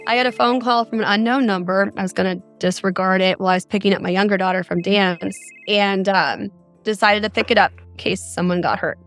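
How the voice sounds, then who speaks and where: A woman's voice: medium pitch, fairly even intonation, fairly quick, fairly bright tone, soft background music. A woman, a mother of four, recounting a frightening phone call in earnest detail as a podcast guest. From Arizona. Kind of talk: podcast interview, recounting a story.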